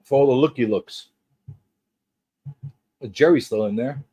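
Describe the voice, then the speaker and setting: A man hosting a casual pop culture livestream, teasing his guest and chatting in an animated way. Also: measured pace, husky, no echo. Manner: animated and teasing, jumps between high and low.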